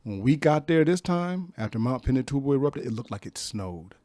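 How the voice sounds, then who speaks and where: Male podcast guest in his fifties, animated, salty storyteller, middle-pitched voice, dry studio mic. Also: a little fast, no room sound. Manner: slangy, profane, animated storyteller. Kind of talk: casual storytelling.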